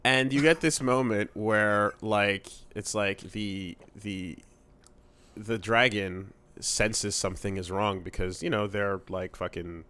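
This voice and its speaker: A man's voice: on the low side, fairly even intonation, slow, pushed and bright, smooth. A man co-hosting a podcast in casual chat, telling a story animatedly, with many restarts and a lot of swearing. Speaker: podcast co-host.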